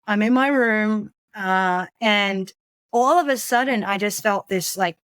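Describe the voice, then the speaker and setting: A woman in her forties, a podcast guest speaking candidly in casual conversation, halting often with fillers and restarts. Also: mid-range voice, a bit bright, clean tone, no echo. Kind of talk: casual conversation, personal storytelling.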